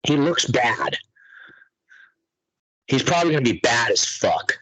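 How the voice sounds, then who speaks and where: A man in his thirties co-hosting a podcast, swearing freely and telling stories in a casual, animated way. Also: medium pitch, a little slow, husky, low-quality recording. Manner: profane, animated storytelling. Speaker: podcast co-host. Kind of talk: casual chat.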